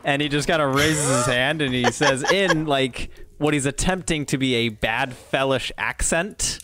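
A man chatting casually as a player in a tabletop game, animated and chatty. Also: mid-range voice, measured pace.

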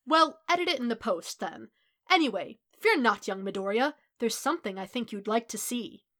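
A woman reading fan fiction aloud, voicing a booming, hammy adult male superhero in a recorded message. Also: lively intonation, normal speed. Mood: boisterous. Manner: loud, theatrical, hammy declarations.

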